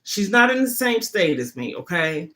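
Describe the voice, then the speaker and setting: A woman's voice: lowish voice, sing-song, normal speed, a bit bright. A middle-aged woman hosting a casual livestream, talking emphatically and often checking in with "okay?". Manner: emphatic, keeps asking "okay?". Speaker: livestream host.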